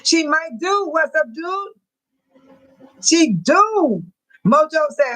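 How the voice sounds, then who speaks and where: A woman's voice: high voice, animated, slow pace, long pauses, a bit bright, poor audio. A woman hosting a casual livestream, reading viewers' chat messages aloud and often laughing as she talks straight to them in informal, slangy speech. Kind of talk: casual live-stream chat.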